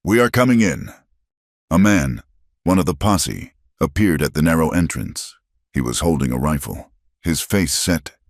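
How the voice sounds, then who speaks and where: A man narrating a western romance story in a dramatic, expressive scripted reading. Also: extremely low pitch, measured pace, dry recording, clean studio sound.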